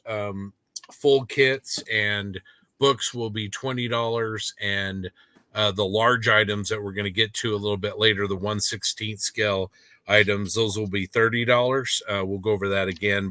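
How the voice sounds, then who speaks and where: A man's voice: fairly low pitch, normal speed, no echo. A man hosting a casual model-building livestream, chatting loosely with lots of fillers. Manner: relaxed, filler-heavy announcements. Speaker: livestream host.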